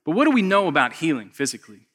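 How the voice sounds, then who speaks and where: A man preaching a conversational sermon, acting out characters and swinging from loud bursts to hushed asides. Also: on the high side, big pitch swings, very fast. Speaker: pastor. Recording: echoey long hall reverb.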